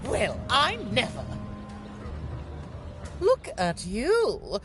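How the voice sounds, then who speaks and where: A woman's voice: a little high, wildly swooping pitch, very slow, over music, full character voice. An actress voicing a snooty aristocratic lady in a video game, prim, mannered and disdainful. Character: snooty aristocratic lady, adult, obsessed with titles.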